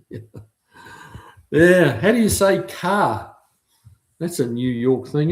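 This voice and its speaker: A man's voice: fairly high pitch, expressive, slow, pauses often. Laid-back New Zealand man hosting. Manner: laid-back, chuckling, with frequent ums. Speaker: livestream host reading chat. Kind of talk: casual chat.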